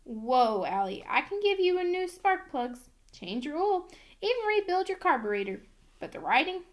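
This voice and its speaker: A woman's voice: extremely high pitch, big pitch swings, moderate pace, pitched above the performer's own voice. A woman reading aloud, voicing an easygoing teenage boy who teases his younger sister. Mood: joking. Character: teenage boy, laid-back joking older brother.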